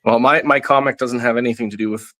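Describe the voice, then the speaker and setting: A man's voice: medium pitch, steady tone, fast, fairly bright tone. A man appearing as a guest on a comedy talk show, goofy and playful while promoting his comic. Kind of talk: comedic podcast banter.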